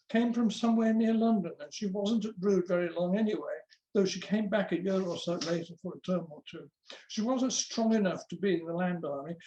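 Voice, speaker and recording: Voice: medium pitch, mellow, echoey room, muffled recording. A guest reader reading a memoir aloud at a book launch, in a conversational storytelling manner. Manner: conversational storytelling with quoted voices.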